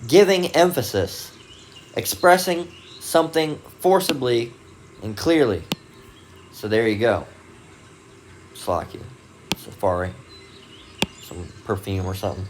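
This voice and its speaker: A man's voice: mid-range voice, measured pace, long pauses, slight background noise. Rambling man teaching from dictionary definitions. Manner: rambling, with many fillers and restarts; reads dictionary definitions aloud. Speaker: religious video host. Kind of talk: casual Bible teaching monologue.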